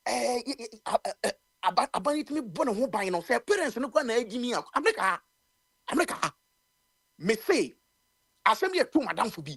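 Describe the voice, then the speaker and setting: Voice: medium pitch, sing-song, quick pace, creaky, a bit bright, husky, no room sound. A radio talk show commentator with a Ghanaian accent, speaking heatedly with many stammered restarts. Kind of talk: impassioned call-in radio commentary.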